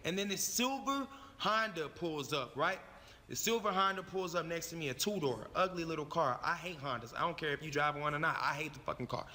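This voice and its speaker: A man's voice: a little high, lively intonation, a little fast, pushed and bright, big-room sound. A man telling a personal story in a profane, emphatic way, repeating his phrases for effect. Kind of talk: animated storytelling.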